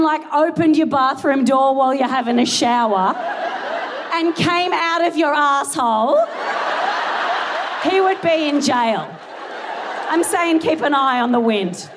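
Live from a big theatre, a young Australian woman does stand-up through a stage mic, her voice high as she giggles, rambles, swears and mocks herself. Audience laughter and crowd noise fill the background of the recording.

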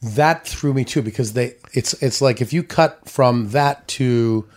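A man's voice: medium pitch, unhurried, a little mellow. A man, a podcast guest, chatting casually about a film in a musing, self-deprecating way that often trails off mid-thought.

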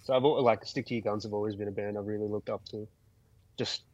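A man who is a guest musician telling stories in a casual podcast chat, laid-back and quick to laugh. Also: fairly low pitch, steady tone, a little mellow, dull audio.

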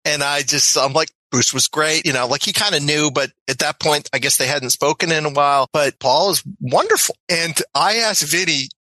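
An excitable man from the United States tells his story with a bright, forceful edge. His voice sits a little high for a man. The room around him sounds dry and close. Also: normal speed, hardly any pauses, no echo, low-quality recording. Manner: excitable, acts out voices, laughs mid-story. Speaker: guest. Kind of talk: animated storytelling.

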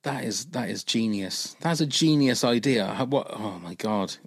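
A man's voice: fairly low pitch, animated, normal speed, breathy edge, no echo. A man co-hosting a podcast in casual chat, rambling and enthusiastic with many fillers. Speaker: podcast co-host.

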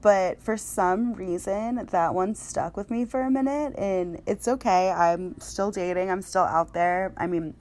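A young adult woman hosting a podcast, telling stories in a chatty, animated way and laughing often. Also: mid-range voice, measured pace, few pauses. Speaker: podcast host. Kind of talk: casual podcast chat.

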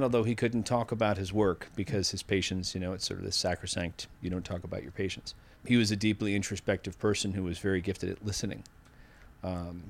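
Fifties guy from massachusetts, lowish voice, thoughtful, keeps restarting sentences. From Massachusetts, USA. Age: 50s. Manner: earnest, thoughtful, self-interrupting. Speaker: guest. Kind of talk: reflective conversational interview.

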